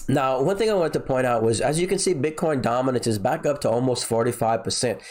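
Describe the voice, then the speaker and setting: A man's voice: medium pitch, fast, a little mellow, slight background noise. A man hosting a casual crypto livestream, nasal and congested from a sinus infection, rambling and often repeating himself.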